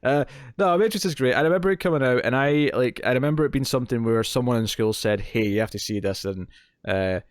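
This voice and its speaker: A man's voice: mid-range voice, quick pace, no echo, clean studio sound. A man in his thirties, co-hosting a casual film discussion, rambling and joking at his own expense. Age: 30s. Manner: rambling, self-deprecating, joking. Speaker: co-host.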